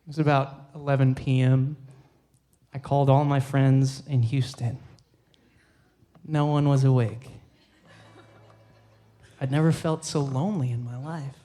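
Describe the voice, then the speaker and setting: A man, the band's violinist, telling an animated story on a theater stage into a stage microphone, acting out scenes with sudden jumps in pitch. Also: a little slow, long pauses. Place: theater stage at a live concert.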